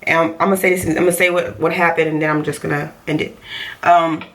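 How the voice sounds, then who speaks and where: A woman's voice: sits low, flat delivery, fast. Chatty woman giving diet advice. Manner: chatty, repeats points for emphasis. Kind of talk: casual advice vlog.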